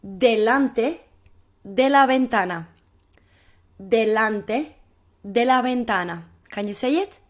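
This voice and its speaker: Woman, primary language teacher; encouraging, repeats phrases slowly for pupils to echo. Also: a little high, expressive. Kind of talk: recorded classroom video lesson.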